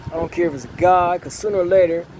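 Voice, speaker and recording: A middle-aged man, unhurried, with many fillers and repeated words. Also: high voice, steady tone, a little mellow, a little hiss or hum, poor audio. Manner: unhurried storyteller with a drawl, many fillers and repetitions. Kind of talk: casual storytelling. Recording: music playing in the background.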